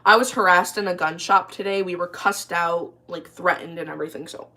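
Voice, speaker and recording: A woman's voice: on the low side, fairly even intonation, brisk, pushed and bright. A young woman telling a story in a casual, rambling way, full of "like" and restarts, while cooking in her kitchen. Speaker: vlogger.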